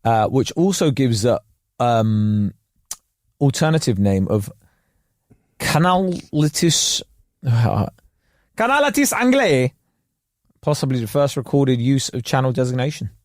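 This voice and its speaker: Lively, rambling man on a podcast. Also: mid-range voice, measured pace, pauses often, no echo, studio quality. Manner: rambling, laughing, with many fillers. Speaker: podcast co-host. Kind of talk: casual chat.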